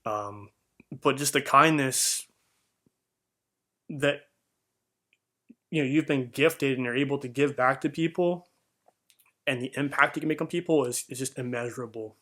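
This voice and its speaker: A man's voice: mid-range voice, measured pace, long pauses, fairly bright tone. A young man telling a heartfelt personal story in an earnest, rambling way, with fillers and restarts. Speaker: vlogger.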